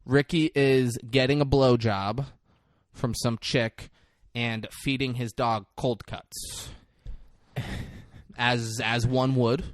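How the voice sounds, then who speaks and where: A man co-hosting a podcast, recapping a movie in a crude, animated way and acting out the characters' lines. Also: medium pitch, slow, dry recording, clean studio sound. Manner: crude, animated retelling with acted-out quotes. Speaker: podcast co-host. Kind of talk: casual movie recap chat.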